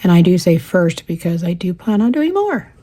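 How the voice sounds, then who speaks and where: A woman's voice: on the low side, big pitch swings, moderate pace. A woman in her fifties with a slightly worn voice, hosting a casual craft chat, reading viewer comments aloud and laughing often. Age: 50s. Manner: chatty and warm, laughs often. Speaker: craft channel host.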